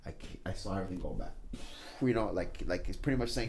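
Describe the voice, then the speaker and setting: A man's voice: low-pitched, expressive, quick pace, a little mellow, a little hiss or hum. A man telling a personal story in casual chat, intense and emphatic, swearing often. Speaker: podcast guest.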